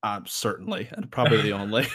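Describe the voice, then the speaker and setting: A man's voice: fairly low pitch, quick pace, fairly bright tone, slightly rough, no echo, studio quality. A young man co-hosting a podcast in casual chat, rambling and laughing often. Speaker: podcast co-host.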